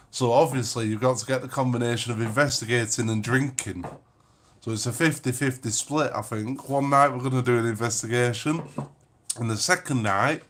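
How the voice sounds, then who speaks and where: A man's voice: mid-range voice, fairly bright tone. A man with a Lancashire accent co-hosting a casual live stream, joking and bantering while baking. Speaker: channel co-host.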